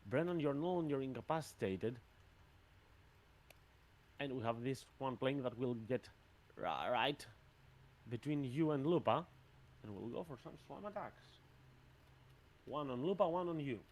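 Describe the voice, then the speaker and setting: A man narrating as game master, pausing often with fillers. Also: mid-range voice, expressive, a little mellow. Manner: hesitant, many fillers.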